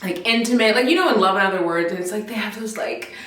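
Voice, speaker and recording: A woman's voice: medium pitch, fast talker, roomy sound, distant mic. A young adult woman chatting casually in a reading vlog, giggling often and rambling with many fillers. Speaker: booktuber.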